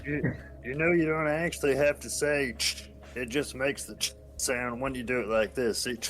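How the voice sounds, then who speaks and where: A man's voice: mid-range voice, steady tone, normal speed, a bit bright. A man playing in a tabletop game, casually explaining things to the table. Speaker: player.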